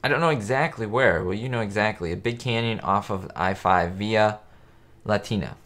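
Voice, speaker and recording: Casual male live-stream host, lowish voice, loose and rambling delivery for a facecam chat. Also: normal speed, fairly bright tone. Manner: rambling and chatty, many fillers and restarts.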